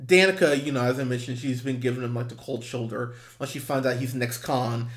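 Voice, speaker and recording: A man's voice: steady tone, a little fast. A man co-hosting a movie podcast, talking in a casual, exasperated way with lots of swearing and restarts. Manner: acts out quotes in high mocking voices. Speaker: podcast co-host, film reviewer. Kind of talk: casual chat.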